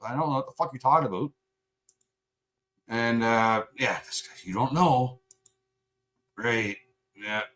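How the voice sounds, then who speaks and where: A man's voice: medium pitch, unhurried, pauses often, fairly bright tone, a little hiss or hum. Male livestream host, combative and profane, sarcastic edge. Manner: angry, profane, confrontational. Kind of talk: live stream chat rant.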